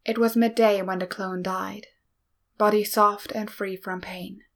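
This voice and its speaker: A woman narrating a piece of fan fiction in a slow, even, subdued reading. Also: medium pitch. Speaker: audiobook reader.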